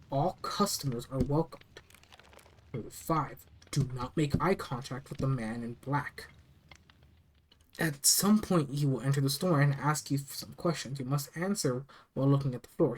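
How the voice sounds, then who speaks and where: A narrator reading a first-person horror story aloud, steady and plain, with small restarts. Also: mid-range voice, moderate pace, poor audio.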